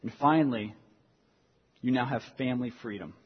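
Young guy pastor preaching, earnest, repeats stuff for emphasis, kinda husky, echoey hall. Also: medium pitch, moderate pace. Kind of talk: sermon. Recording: dull lo-fi sound in a reverberant hall.

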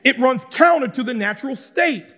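High-voiced preacher man, fervent and loud. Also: animated, moderate pace. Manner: shouts and preaches with rising intensity, conversational asides. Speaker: pastor. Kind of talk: sermon.

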